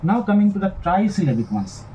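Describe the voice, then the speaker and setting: Guy teaching a class, fairly high mellow voice, slow careful explaining, goes over points twice. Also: sing-song, slight background noise, low-quality recording. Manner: measured, repeats and rephrases points. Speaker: English literature lecturer. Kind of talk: classroom lecture.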